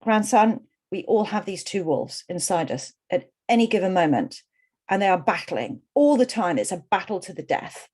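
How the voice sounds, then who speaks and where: A wise old grandfather passes on a parable in a calm, steady voice, put on by a woman. The voice stays close to a woman's everyday speaking voice. The delivery sounds like a story told in a workshop. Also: medium pitch, normal speed, slightly rough. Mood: solemn.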